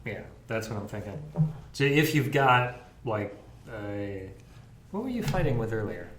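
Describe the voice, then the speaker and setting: A man's voice: on the low side, big pitch swings, measured pace, a bit bright. A man running a tabletop game as game master, describing scenes and explaining rules casually with fillers. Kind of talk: narrating and ruling a tabletop game. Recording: echoey room with faint noise.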